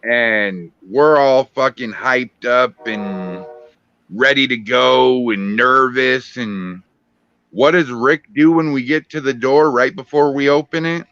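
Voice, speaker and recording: A man's voice: mid-range voice, takes it slowly, a bit bright, no room sound, muffled recording. A man co-hosting a podcast, telling a joking story in casual chat. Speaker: podcast co-host.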